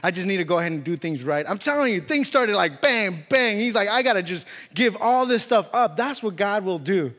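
A man preaches to his congregation, telling a story with lots of fillers and restarts. His voice sits fairly high for a man. The sound rings with a long reverb, as in a church hall. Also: expressive, a little fast, hardly any pauses, a bit bright. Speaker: pastor. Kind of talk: sermon.

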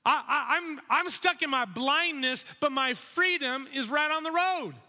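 A preacher acting out a blind beggar man crying out in a high, strained voice, insistent and desperate. His bright, sharp tone rings through a long hall reverb. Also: very animated, a little slow, full character voice. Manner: pleading, insistent. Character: blind male beggar shouting for help.

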